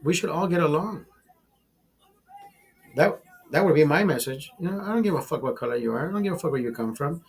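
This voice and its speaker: Male livestream host, somewhat high voice, heated and profane, preachy. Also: expressive, fairly quick, vocal fry, long pauses, a little mellow. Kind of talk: casual talk to a live chat.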